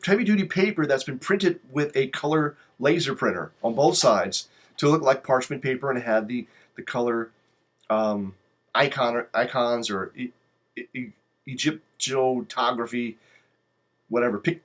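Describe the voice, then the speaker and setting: A man telling his own travel stories in a casual, rambling way, swearing freely and getting animated. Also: medium pitch, normal speed. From lives in Poland. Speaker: vlogger.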